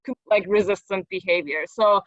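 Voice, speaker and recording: A mother recounting a home session, hesitant and halting, with many fillers and restarts. Her voice sits at a middling pitch. The sound is dry and a little dull. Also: no room sound. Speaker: parent. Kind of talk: casual account in a parent coaching session.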